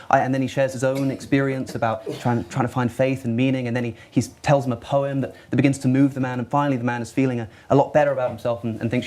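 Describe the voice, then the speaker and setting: Fast-talking man telling lively anecdotes. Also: mid-range voice. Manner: quick, animated storyteller who acts out little scenes; frequent restarts and repeated words. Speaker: atheist panelist. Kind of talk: panel discussion.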